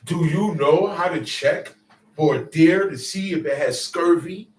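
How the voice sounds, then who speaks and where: A man teaching in a preaching style, emphatic and quick to pose questions to his listeners. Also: on the high side. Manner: emphatic, call-and-response preaching with asides. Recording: echoey room, distant mic.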